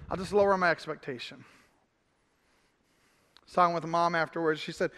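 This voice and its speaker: High, bright pastor preaching in a hall. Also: male voice, a little fast, pauses often. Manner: emphatic, repeats phrases, cries out in frustration. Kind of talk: sermon. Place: church hall. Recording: long hall reverb.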